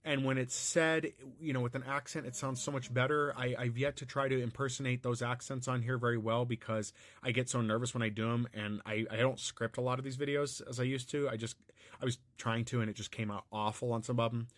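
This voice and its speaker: A man's voice: mid-range voice, fairly even intonation, brisk, a bit bright, no room sound. An American man giving unscripted, musing commentary, often restarting his sentences. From United States. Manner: rambling and musing, frequent restarts and fillers.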